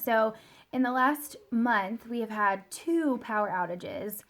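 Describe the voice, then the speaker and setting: A woman's voice: a little high, expressive, takes it slowly. A woman in her thirties, a mother telling a casual vlog story, chatty and full of fillers. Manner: chatty, lots of fillers and "like", quotes her child in a small soft voice. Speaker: mother sharing a product story.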